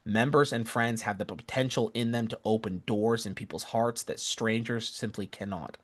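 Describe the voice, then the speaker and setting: A man's voice: lowish voice, steady tone, moderate pace, breathy edge. A man telling a missionary story with an earnest, casual manner, often correcting himself mid-sentence. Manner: earnest, self-correcting, acts out quoted voices.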